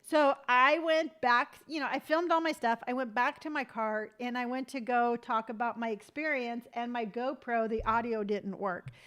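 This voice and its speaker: A woman's voice: fairly high pitch, moderate pace, hardly any pauses, fairly bright tone. A middle-aged woman hosting a casual live stream, telling rambling stories with lots of fillers and answering viewer comments as she goes. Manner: chatty, rambling storytelling with many fillers; reads viewer comments aloud and answers them.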